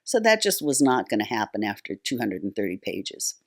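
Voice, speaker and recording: A woman's voice: rumbling low, very animated, a little fast. An older woman, a guest on a talk show, telling long stories in a chatty way with many fillers and restarts. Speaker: guest, nonprofit founder. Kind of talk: conversational storytelling.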